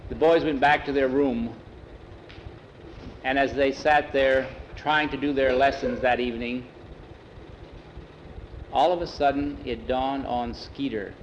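A man's voice: mid-range voice, fairly even intonation, a little slow, pauses often, a little hiss or hum. A man telling a story aloud in a plain, folksy way, on a dull lo-fi recording.

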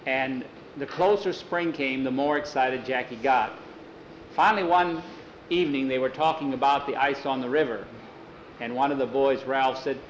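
A man telling a story aloud in a folksy, unhurried way, with small restarts and slips. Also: mid-range voice, slight background noise, low-quality recording. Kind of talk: casual oral storytelling.

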